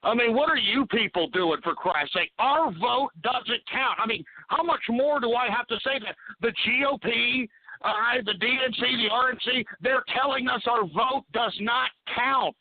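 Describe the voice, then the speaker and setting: A man's voice: extremely high pitch, moderate pace. A man hosting a radio talk show, ranting angrily and exasperatedly with lots of swearing. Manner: swears a lot. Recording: tinny phone-like radio audio.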